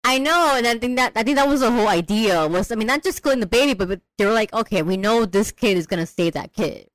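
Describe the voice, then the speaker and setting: A woman chatting casually about a film, animated and slangy, often mimicking characters in high voices. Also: fast, no room sound, rough recording. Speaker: podcast co-host discussing a film. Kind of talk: casual chat.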